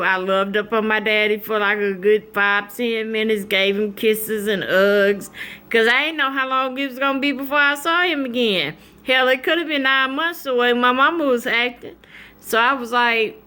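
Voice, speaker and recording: A woman vlogger telling a personal story in a candid, animated, colloquial way. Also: a little high, moderate pace, clean tone.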